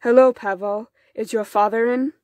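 A man's voice: extremely high pitch, steady tone, normal speed, a little mellow, dry recording. A woman voicing a worried, devoted village cobbler and father, speaking earnestly in a storybook reading. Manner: earnest, pleading.

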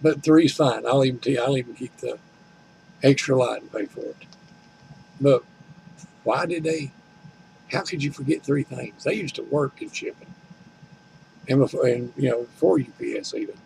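Older man, gravelly voice, folksy rambling gripe, faint hum behind. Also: medium pitch, moderate pace, pauses often. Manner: folksy, complaining, retells conversations. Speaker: vlogger. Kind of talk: rambling storytelling.

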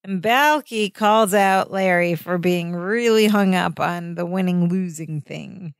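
A woman's voice: lowish voice, a little slow, no echo, clean studio sound. A woman co-hosting a podcast, casually retelling an episode and quoting its characters. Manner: chatty, quotes characters, lots of "like". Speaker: podcast co-host. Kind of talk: casual recap chat.

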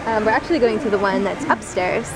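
A woman's voice: medium pitch, fast talker. A young woman chatting casually and playfully for her vlog, often giggling. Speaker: vlogger.

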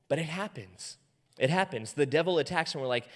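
A man preaching as pastor in a church, animated and acting out quoted voices, often soft and then loud. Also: a little high, brisk. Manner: animated, acts out quoted voices with big swings in loudness. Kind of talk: sermon. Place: church auditorium. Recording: long hall reverb.

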